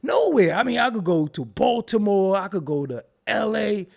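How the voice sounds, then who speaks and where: A man's voice: sits high, big pitch swings, moderate pace, creaky. A man hosting his own show, ranting live to his chat in a mocking, profane way and laughing often. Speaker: show host. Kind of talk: live-stream rant answering chat.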